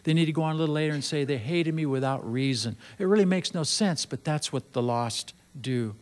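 A male preacher with a slightly higher voice than most men. He delivers his sermon earnestly, circling back to repeat phrases and drawing words out when he wants them to land. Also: brisk, darkish tone.

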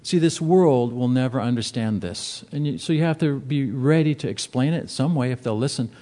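Man preaching, mellow voice. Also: medium pitch, moderate pace. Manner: conversational preaching, emphatic and animated. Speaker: pastor. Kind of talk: sermon.

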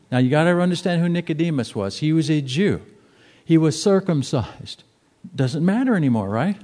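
Pastor, male, mellow tone, casual emphatic preaching. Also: a little high, brisk. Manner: conversational preaching, emphatic and animated. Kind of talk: sermon.

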